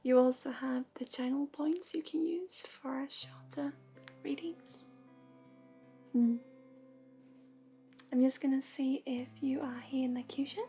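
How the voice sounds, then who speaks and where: An intuitive reader and healer hosts a livestream of readings and healing, speaking softly and gently and often slipping into a half-whisper. Her high voice has a gravelly vocal fry and a steady tone, slow with frequent pauses, over faint music.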